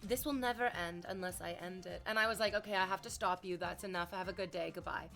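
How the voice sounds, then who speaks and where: A young woman chats casually on a live stream, telling a story to her viewers. Her voice is bright and forward, and she slips into playful exaggerated voices when she quotes people. Faint music plays behind her. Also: on the low side, fairly even intonation, fast talker, gravelly. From Canada.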